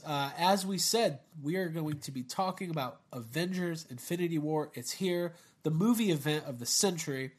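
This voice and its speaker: Man, podcast host, casual chat, jokey, animated delivery. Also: fairly high pitch, normal speed, few pauses. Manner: jokey, laughs at own jokes, animated.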